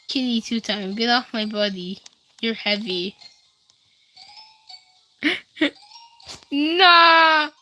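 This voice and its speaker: A woman's voice: mid-range voice, bright, forceful tone, low-quality recording. A young woman streaming a game, chatting casually with her chat and reacting to what happens on screen. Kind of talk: casual gaming livestream chat.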